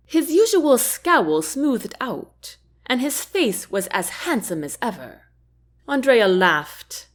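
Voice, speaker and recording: A woman narrating a fantasy novel chapter as an audiobook host, in a gentle, unhurried reading. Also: on the high side, big pitch swings. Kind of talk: storybook narration.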